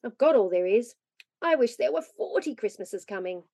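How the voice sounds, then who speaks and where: A woman reading aloud, voicing a boisterous, greedy small boy who talks with loud, breathless excitement. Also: fairly high pitch, normal speed, husky, dry recording, studio quality. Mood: eager.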